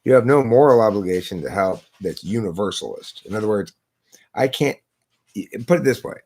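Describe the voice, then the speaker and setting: Brisk and animated, this man speaks in a fairly low, darkish voice while hosting a live stream on his laptop. He makes his arguments in lecture fashion, asking himself rhetorical questions in a casual philosophical debate.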